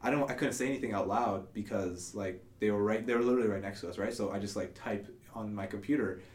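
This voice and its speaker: A young man co-hosting a podcast, relaxed and laughing often as he tells a story with casual swearing. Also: fairly low pitch, fast. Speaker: podcast co-host.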